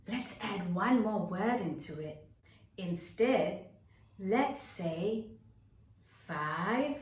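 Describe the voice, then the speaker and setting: A woman teaches a nursery drama lesson at a very slow pace, her pitch rising and falling widely as she draws out each word for small children. She sounds cheerful and encouraging. The recording is echoey, with her voice set back from the mic. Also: big pitch swings, recorded from a distance. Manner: slow, exaggerated instructions with stretched words. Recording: echoey room, voice away from mic.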